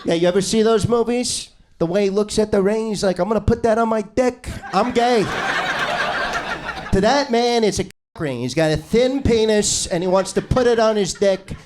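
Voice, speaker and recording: A man's voice: high-pitched, a little fast, few pauses. A male stand-up comedian doing an improvised set in a small comedy club, brash and crude, needling the crowd.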